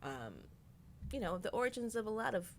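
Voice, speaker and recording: A woman's voice: mid-range voice, very animated, brisk, a little hiss or hum. A woman who works as a makeup artist, chatting casually with many fillers about her work. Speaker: makeup artist, podcast guest. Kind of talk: casual chat.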